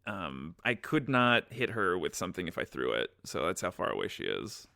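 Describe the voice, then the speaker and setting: A man's voice: low voice, big pitch swings, moderate pace, vocal fry, bright, forceful tone. A man co-hosting a podcast, chatting casually and joking around with playful banter. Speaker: podcast co-host.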